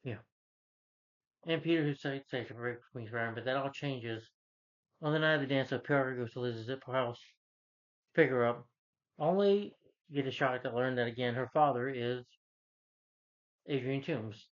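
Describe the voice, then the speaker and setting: A man's voice: mid-range voice, normal speed, long pauses. Rambling man on a dull lo-fi recording. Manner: rambling, self-correcting, retells scenes with "he's like" quotes. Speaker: film reviewer. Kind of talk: casual spoken film recap.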